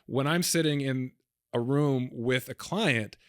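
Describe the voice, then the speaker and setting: A man's voice: medium pitch, slow pace, clean tone, dry recording. A middle-aged podcast host, a man with a mid-range voice recorded dry and close. He speaks earnestly and thoughtfully, often restarting his sentences as he works through an idea. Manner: reflective and earnest, many restarts. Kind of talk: casual conversation.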